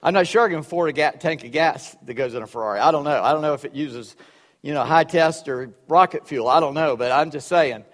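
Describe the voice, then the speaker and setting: A male pastor preaching a sermon in a church, animated and conversational, with humorous asides. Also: on the high side, a little fast, long reverb tail.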